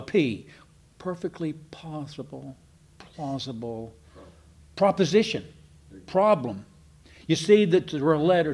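A man giving a folksy, digressive Bible teaching to a congregation, slowing down to stress key words. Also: a little high. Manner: folksy and digressive, slows down for emphasis. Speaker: preacher.

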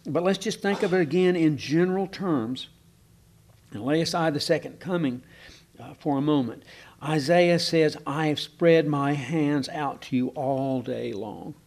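A man's voice: a little high, measured pace, darkish tone. A man with a drawl walks his congregation through a Bible text. He is informal and searching, halts on fillers, and often turns to ask his listeners what they think. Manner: conversational, asks the room questions, hesitant with many fillers. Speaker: preacher.

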